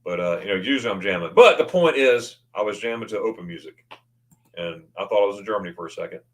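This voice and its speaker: A man's voice: fairly low pitch, expressive, quick pace, fairly bright tone. A man hosting a casual livestream from his own desk mic, chatting loosely and reading viewer comments aloud. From United States. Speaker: livestream host. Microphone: new desk microphone.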